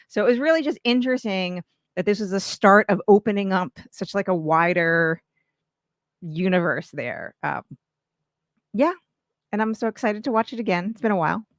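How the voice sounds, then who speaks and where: A woman in her forties co-hosts a relaxed live stream, reminiscing in a chatty, reflective way, loose with fillers like "you know". Her voice sits at an ordinary pitch, recorded close and dry. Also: a little fast, no echo. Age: 40s. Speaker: co-host. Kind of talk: casual live-stream chat.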